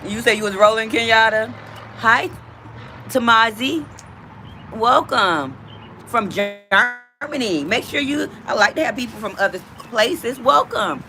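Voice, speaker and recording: A woman's voice: medium pitch, sharp tone, a little hiss or hum. A woman hosting a casual livestream from outdoors, chatting directly with her viewers. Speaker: livestream host.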